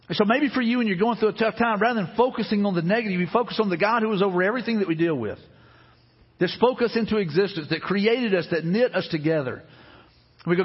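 A man's voice: high voice, fast talker, breathy edge, long reverb tail, muffled recording. A man preaching a sermon as pastor in a church, earnest and repetitive, speaking prayers aloud. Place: church sanctuary.

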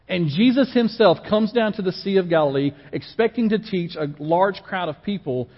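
A man preaching a sermon with a slightly higher voice, moving between reading scripture and explaining it in plain, conversational terms. His voice rings with a long reverb and comes through a little dull. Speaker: pastor.

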